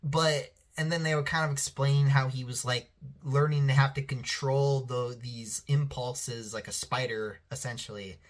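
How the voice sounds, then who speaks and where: A man's voice: medium pitch, fairly even intonation, unhurried. A man talking casually as a reviewer, rambling and swearing freely, with many restarts and fillers. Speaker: show reviewer.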